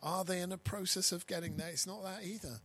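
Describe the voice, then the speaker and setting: Husky pastor, a little high-pitched, preaching with emphatic stresses and soft asides. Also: male voice, fairly even intonation, quick pace, low-quality recording. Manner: emphatic, swinging between loud stresses and quiet asides. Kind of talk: sermon.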